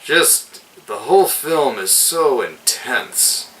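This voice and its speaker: Slow-talking man reviewing a film. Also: medium pitch, lively intonation, a bit bright, far from the mic, rough recording. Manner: loose, rambling retelling with "like" fillers. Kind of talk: casual video review.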